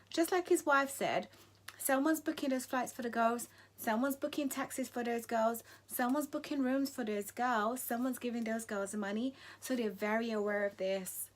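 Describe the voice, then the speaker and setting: Woman vlogging, kinda high voice, worked up and emphatic, keeps repeating herself to make a point. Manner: emphatic, indignant, repeats for stress; restarts mid-sentence when heated. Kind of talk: impassioned opinion vlog.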